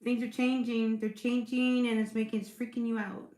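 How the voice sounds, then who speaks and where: A woman's voice: a little high, steady tone, normal speed, few pauses, warm tone, echoey room. A woman giving a casual tarot reading to her viewers, chatty and reassuring, often checking in with "all right?" and "you know". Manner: chatty, reassuring, with many fillers and rhetorical check-ins. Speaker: tarot reader.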